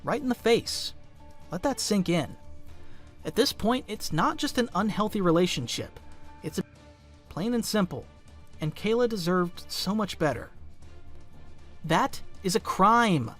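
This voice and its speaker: A man's voice: high voice, expressive, a little slow, pauses often, a bit bright, faint music behind. A man reading scripted narration for a commentary video with a dramatic, emphatic delivery.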